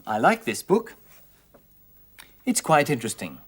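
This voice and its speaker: Slow, lively man teaching English. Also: medium pitch. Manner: clear, deliberate, with drawn-out word drills. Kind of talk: slow, scripted language lesson. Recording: 1980s educational television recording.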